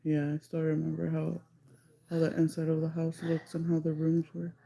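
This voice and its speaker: On a livestream, a woman casually rambles through a story, leaning heavily on "like" and slipping into Spanish. Her voice is deep, gravelly and mellow with a completely flat delivery, and she stretches some phrases out slowly for emphasis. The recording is rough.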